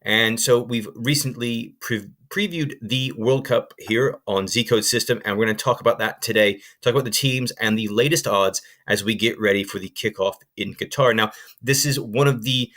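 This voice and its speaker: A young man with a medium-pitched, fairly bright voice hosts a sports betting channel at a normal speed. He presents casually to the camera, chatty and enthusiastic, with lots of fillers and restarts.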